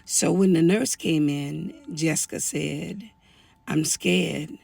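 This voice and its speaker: A woman's voice: low voice, slow pace, gravelly, dark tone, no room sound. An older woman telling a family story as personal testimony, earnest and pleading as she warns other women. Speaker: storyteller sharing a family account.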